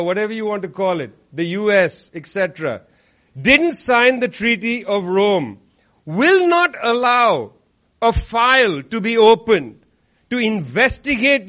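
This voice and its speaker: A man's voice: high voice, a bit bright. A man giving a political speech to a live audience in a room, sarcastic and emphatic, repeating lines for effect. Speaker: speaker at an activist event. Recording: dull lo-fi recording.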